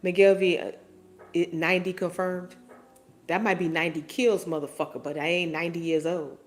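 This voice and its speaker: A woman's voice: fairly low pitch, flat delivery, brisk. A woman in her forties hosting a casual live stream, reading viewer comments and answering them in a playful, teasing and profane way. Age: 40s.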